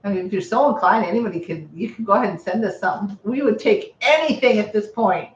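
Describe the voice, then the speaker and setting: A woman's voice: medium pitch, lively intonation, fast talker, a little hiss or hum. A woman with a Midwestern accent and a bit of Texan chats away playfully on a live stream, wandering from thought to thought. Her voice sits in the middle range. The sound is roomy and a little muffled, with a lo-fi edge. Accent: Midwestern with a touch of Texan. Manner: chatty, playful, rambling. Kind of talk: casual chat.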